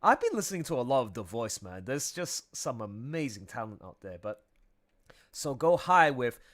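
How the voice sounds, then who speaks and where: A man's voice: mid-range voice, sing-song, moderate pace, fairly bright tone. A man who draws comics, chatting casually on a livestream in a playful way, laughing often and breaking into song. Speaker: comic artist streaming his work.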